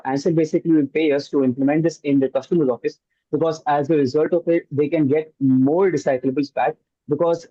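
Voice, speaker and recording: A man's voice: on the high side, mellow, no echo, highs cut off. A man on a hackathon team answering judges' questions at length, with frequent fillers. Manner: explains at length with many uh fillers. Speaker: hackathon team member pitching.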